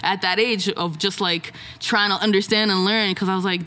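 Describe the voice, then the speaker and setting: A woman's voice: mid-range voice, normal speed. A young woman from Jamaica, a podcast guest, telling a story casually and acting out what others said. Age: young adult. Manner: animated, acts out quotes of others.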